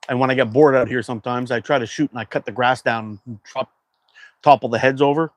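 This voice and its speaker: A man's voice: mid-range voice, steady tone, quick pace, no echo. A man from Canada hosting a casual livestream, chatting and reading viewer comments aloud in a loose, rambling way. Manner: laid-back, rambling with fillers. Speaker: livestream host.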